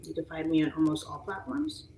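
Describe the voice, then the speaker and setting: A woman's voice: low voice, very animated, fairly quick, darkish tone. A woman hosting a casual livestream, chatting and reading out viewer comments, who slips into playful voices when she tells stories. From United States. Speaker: livestream talk show host. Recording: roomy echo, faint background noise.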